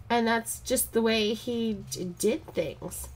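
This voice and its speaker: An adult married woman, an art vlogger, chats casually while she draws, rambling through stories and laughing often. Her voice is medium-pitched, expressive and husky, and she speaks a little slowly.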